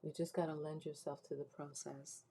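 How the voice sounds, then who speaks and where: A woman's voice: deep voice, level tone, normal speed, vocal fry, dark tone, a little hiss or hum, poor audio. A woman hosting a faith-based livestream, making an earnest, preacherly appeal with frequent restarts, emotional and close to tears. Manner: earnest, repeats herself with restarts, preacherly encouragement. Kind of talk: heartfelt spoken appeal to viewers.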